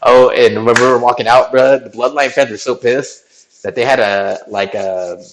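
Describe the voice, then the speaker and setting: A man's voice: medium pitch, fairly even intonation, normal speed, background noise. A man streaming, telling a rambling, slang-filled story and asking "right?" again and again. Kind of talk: casual storytelling recap.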